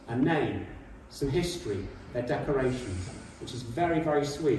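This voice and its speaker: A middle-aged man gives a guest talk in a school hall. His voice sits a bit high and reaches the mic from some distance. The room adds a very strong echo. He tells his story with emphasis and plenty of hesitations. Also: mellow, a little hiss or hum. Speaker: guest speaker. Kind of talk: illustrated talk with slides. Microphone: speaking at a distance from the mic. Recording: very echoey hall, voice from far off.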